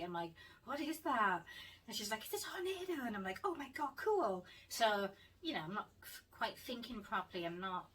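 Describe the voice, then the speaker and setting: A woman's voice: mid-range voice, pushed and bright, husky, far from the mic, poor audio. A woman telling a ghost story in a blunt casual vlog, laughing and swearing as she talks. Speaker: paranormal vlogger.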